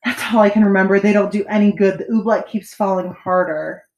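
A woman's voice: mid-range voice, steady tone, a little fast, darkish tone, natural voice. Woman voicing a proud old king, pompous, bellowing, storybook, roomy echo. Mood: groaning. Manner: commanding, bellowing. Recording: echoey room.

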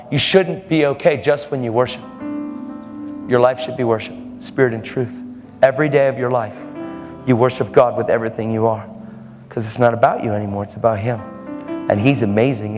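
A man's voice: medium pitch, darkish tone, long reverb tail. A man preaching a fervent, emphatic sermon, laughing now and then between points.

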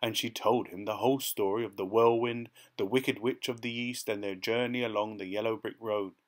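A man reading a children's story aloud with expressive storytelling. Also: fairly low pitch, normal speed. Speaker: storybook reader.

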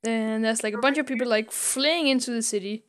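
A woman's voice: a little high, a little fast. A young woman co-hosting a podcast, retelling a comic story with many ums and little laughs, acting out the characters' lines. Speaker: podcast co-host.

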